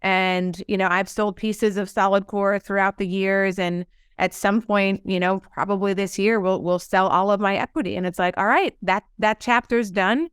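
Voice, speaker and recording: A woman hosting a podcast speaks at a medium pitch in a smooth, clear voice. The sound is dry and close, and she talks reflectively, voicing her own inner thoughts. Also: flat delivery, moderate pace, hardly any pauses, dry recording. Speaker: podcast host. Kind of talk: casual conversational interview.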